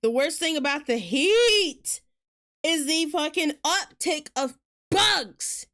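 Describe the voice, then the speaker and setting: A woman with a Southern US accent chatting casually while streaming a game, fast-talking and rambling, laughing often. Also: sits high, expressive, fairly bright tone. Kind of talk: casual gaming chat.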